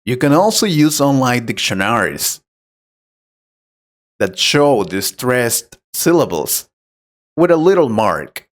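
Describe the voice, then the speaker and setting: A man acting as an English teacher who explains pronunciation tips patiently and clearly in a scripted conversation lesson. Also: mid-range voice, big pitch swings, slow, pauses often.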